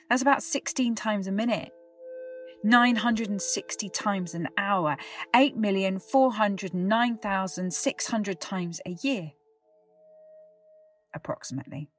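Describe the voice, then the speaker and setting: This mid-range female voice belongs to a podcast host who is a poet and theatre maker. Her spoken-word narration is measured, lingering on words and softly dropping in volume.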